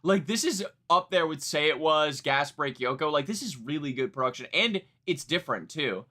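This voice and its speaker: Casual male streamer, lively swooping delivery, bright edge, quick exasperated reactions. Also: a little high. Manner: animated, swears freely, exasperated asides. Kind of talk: live music reaction, casual chat.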